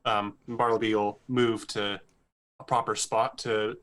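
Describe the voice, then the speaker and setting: Halting man playing a tabletop game. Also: on the low side, little pitch movement, a bit bright. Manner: halting, stammering. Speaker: player. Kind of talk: casual tabletop play.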